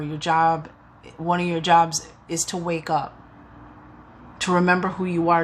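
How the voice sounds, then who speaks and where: A woman's voice: lowish voice, a bit bright, slight background noise. A woman giving a spiritual oracle reading in an earnest, rambling way, often restarting and getting emotional. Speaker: tarot reader.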